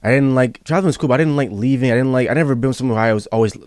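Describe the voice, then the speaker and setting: A man's voice: medium pitch, racing, a little mellow, no room sound, studio quality. A young man hosting a podcast in casual chat, earnest and rambling as he tells a personal story. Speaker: podcast host.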